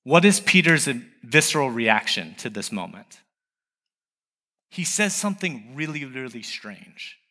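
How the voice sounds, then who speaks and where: A man's voice: medium pitch, sing-song, unhurried, sharp tone, big-room sound. A man preaching a sermon in a conversational way, asking the listeners rhetorical questions. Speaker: pastor.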